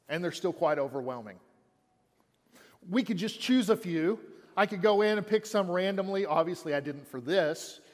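A man's voice: high voice, in a large hall. A man preaching a sermon in an auditorium, in a conversational way that repeats lines for emphasis. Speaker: pastor.

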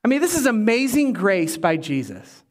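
High-voiced animated male preacher. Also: normal speed. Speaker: pastor. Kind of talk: sermon.

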